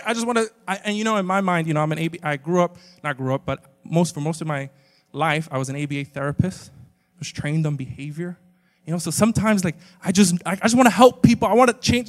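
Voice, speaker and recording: A man with a high voice delivers a funny, animated sermon, jumping from loud bursts to hushed asides. His voice rings out with the long reverb of a church sanctuary. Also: quick pace. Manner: animated, swings from loud exclamations to quiet asides. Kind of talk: humorous sermon. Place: church sanctuary with a live congregation.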